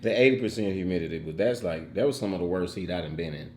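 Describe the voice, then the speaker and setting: A man's voice: low-pitched, fast, a little hiss or hum. A man co-hosting a home food vlog, talking in a laid-back, slangy, joking way. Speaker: co-host, partner of the host. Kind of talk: casual chat.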